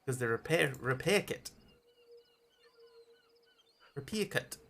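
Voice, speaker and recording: A man at a mid-range pitch talks through a live game stream in a relaxed, chatty way. He thinks aloud as he plays and answers questions from his viewers. He speaks close to a headset or desk mic. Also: slow pace, creaky. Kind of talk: casual live-stream gameplay chat.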